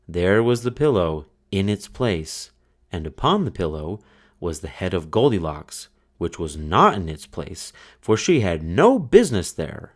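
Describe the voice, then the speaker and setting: Slow, expressive male storybook reader. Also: low-pitched. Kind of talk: children's book read-aloud.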